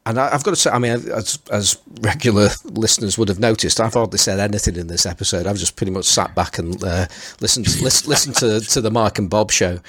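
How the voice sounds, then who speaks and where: A man's voice: fairly low pitch, a little fast, few pauses, fairly bright tone, husky, no room sound. A man hosting a podcast, chatting casually with a friendly, hesitant delivery full of stammered restarts. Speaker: podcast host.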